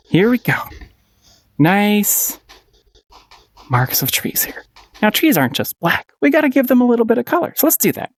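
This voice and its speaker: Playful, animated paint-along instructor. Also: medium pitch, moderate pace, long pauses, a little hiss or hum. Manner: playful and encouraging, with frequent giggles and repeated phrases. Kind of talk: casual paint-along tutorial.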